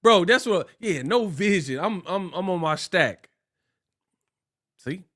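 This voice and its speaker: A boxing commentator from the Bay Area in California rants casually, animated, slangy and mocking, putting on voices for the quotes. His voice is high and unhurried.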